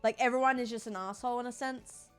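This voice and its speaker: A woman's voice: a little high, fairly even intonation, fast, clean tone, faint music behind. A woman streamer chatting casually while she plays, rambling and frank, swearing freely with lots of fillers. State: sore body.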